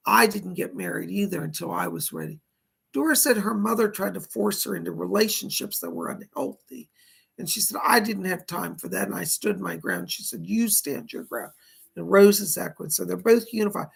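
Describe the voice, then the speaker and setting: A man's voice: high-pitched, animated, moderate pace, vocal fry, slightly rough. A man hosting live psychic readings, losing his voice, giving reassuring and repetitive advice. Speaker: psychic medium, host.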